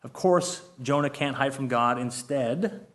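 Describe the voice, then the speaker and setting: A man in his fifties leads a casual Bible study, his mid-range voice fairly bright and a little slow. He speaks earnestly and from the heart, full of fillers and restarts, reading scripture aloud and asking the group questions.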